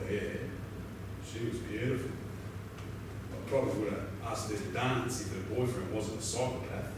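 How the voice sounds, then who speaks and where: Man doing a weathered australian outback bloke, drawling yarn, slightly high voice, echoey room, distant mic. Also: background noise, lightly acted. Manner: drawling yarn-spinner, swears freely. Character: weathered, laconic male outback roadhouse bloke. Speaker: outback roadhouse local telling a story. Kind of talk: theatrical monologue.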